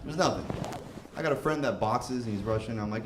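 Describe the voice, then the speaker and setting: On stage at a live comedy venue, a young man works through a casual, profane stand-up set and laughs along with his own bits. He speaks fairly quickly at a medium pitch, captured in a roomy recording with crowd noise.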